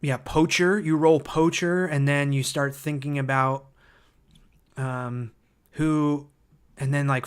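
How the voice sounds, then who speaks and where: Slow-talking man thinking aloud on a livestream. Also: medium pitch, clear, resonant tone. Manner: thinking aloud, hesitant with frequent fillers and restarts; enthusiastic about ideas. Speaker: livestream host. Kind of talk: casual livestream chat, reading viewer comments aloud.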